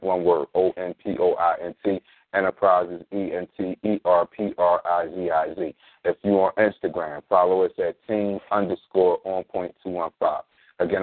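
A man hosting a casual talk radio show, plugging events in a relaxed, slangy way. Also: deep voice, no room sound. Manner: laid-back slangy promos, spells things out slowly. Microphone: sits in a squeaky reclining chair. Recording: dry tinny phone-like line.

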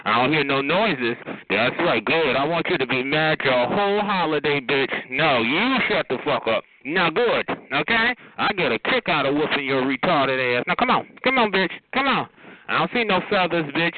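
A man's voice: on the high side, animated, normal speed. Sassy man roasting a caller. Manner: sassy and cutting, calls people honey and child. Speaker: host of a call-in show. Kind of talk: profane call-in roast. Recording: tinny phone line with crowd noise.

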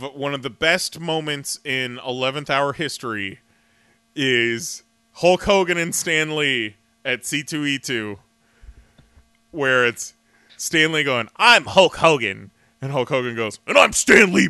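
Male podcast co-host: bright, dry and close, animated and profane. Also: mid-range voice, takes it slowly, pauses often, clear, resonant tone, dry recording. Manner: animated, laughing, swearing freely. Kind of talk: casual chat.

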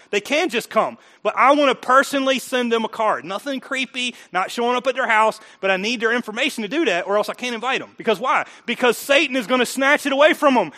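A high-pitched, fast-talking pastor delivering a sermon to his church congregation. He keeps it animated and conversational, firing off rhetorical questions and briefly acting out the voices of newcomers. His tone is bright and forward.

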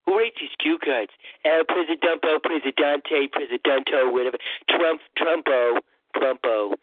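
A man's voice: fairly high pitch, normal speed, breathy edge, no room sound. A man putting on a boastful, rambling old male politician parody in a comedic impression monologue, stammering and repeating himself. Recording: tinny phone-like dry sound.

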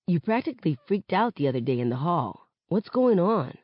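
A woman reading a novel aloud, voicing a teenage boy who speaks low, soft and earnest. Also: very animated, moderate pace, dry recording, dull audio. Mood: pleading. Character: teenage boyfriend, quiet and pleading.

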